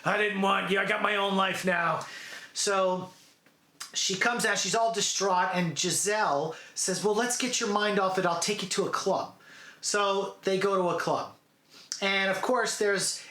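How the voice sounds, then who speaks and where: A man giving a casual, animated movie recap, chatty and full of "dude" and "okay". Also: sits high, reverberant. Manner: animated storytelling, acts out quotes. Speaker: movie reviewer.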